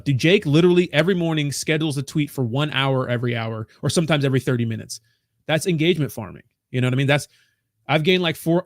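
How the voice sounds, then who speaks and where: A man's voice: mid-range voice, dry recording. A man hosting a crypto livestream from a small home studio, rambling and ranting with constant swearing. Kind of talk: casual livestream rant.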